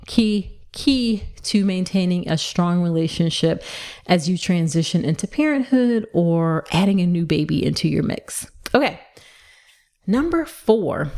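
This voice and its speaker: A woman obstetrician with a lowish voice hosts a solo educational podcast, talking fast and excitedly as she offers listeners advice.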